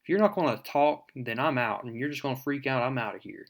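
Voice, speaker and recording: A man's voice: medium pitch, animated, fast talker, vocal fry. Defiant teenage girl, read out by a man. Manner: heated, protesting. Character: teen girl, defiant and indignant.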